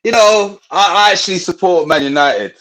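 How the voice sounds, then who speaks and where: A man's voice: sits high, normal speed, a bit bright. A man from England with a London accent, talking casually as a guest on a podcast, in a laid-back way with slang fillers. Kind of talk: casual chat.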